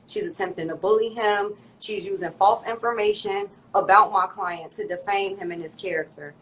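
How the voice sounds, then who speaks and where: A woman's voice: medium pitch, fairly even intonation, moderate pace, a little hiss or hum, rough recording. A woman attorney making a firm, formal public statement in defense of her client.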